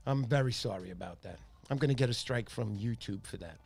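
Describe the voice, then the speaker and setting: A man hosting a casual fishing livestream, chatty and animated, with a stuffy nose from a cold. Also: lowish voice, fairly quick, gravelly, few pauses, husky. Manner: chatty storyteller, animated impressions.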